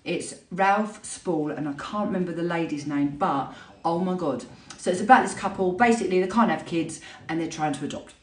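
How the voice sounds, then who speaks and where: A fitness instructor, chatting candidly and with animation about self-care. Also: female voice, lowish voice, moderate pace. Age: 50s. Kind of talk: casual talk to camera. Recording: roomy, voice from a distance.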